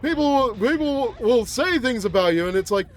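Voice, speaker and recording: A man's voice: extremely high pitch, expressive, brisk. A man voicing a cranky, rambling old man who is a mutated flower-headed monster, grumbling and groaning as he complains. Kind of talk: gameplay roleplay commentary.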